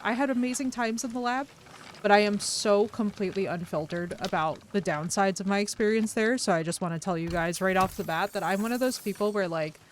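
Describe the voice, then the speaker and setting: Animated, unfiltered woman streamer chatting. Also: medium pitch, brisk, a little hiss or hum. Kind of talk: casual chat to stream viewers.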